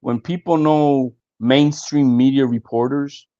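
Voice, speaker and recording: A man's voice: mid-range voice, fairly even intonation, unhurried, mellow, dry recording, muffled recording. A man talking boxing on a casual podcast, stammering and repeating words, with some swearing.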